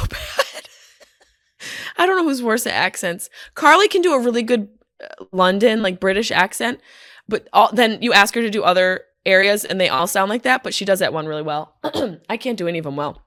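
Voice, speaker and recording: A woman comedian telling casual stories on a podcast, animated, profane and self-deprecating, from a hotel room. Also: lowish voice, dry recording, clean studio sound. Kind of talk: casual storytelling monologue.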